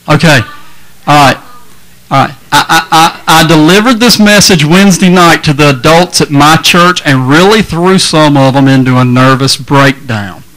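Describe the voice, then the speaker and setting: Folksy man, middle-aged, slightly high voice, joking youth-rally preacher. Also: fairly bright tone, low-quality recording. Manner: folksy, joking, crowd-engaging. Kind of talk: lively sermon to a youth crowd. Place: large hall with a crowd.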